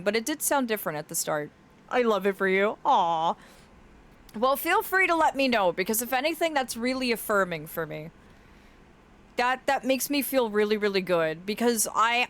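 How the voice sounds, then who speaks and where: A woman streaming, chatting casually and affectionately with her chat, her voice cracking now and then. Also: a little high. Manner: affectionate, reads chat aloud, often laughs.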